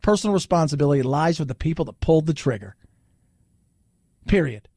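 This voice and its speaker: A middle-aged man hosts a talk radio show, talking bluntly and cracking jokes as he goes. His voice sits high for a man. The studio sound is close and dry. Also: animated, brisk, mellow, dry recording. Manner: blunt and jokey, slips into mocking voices.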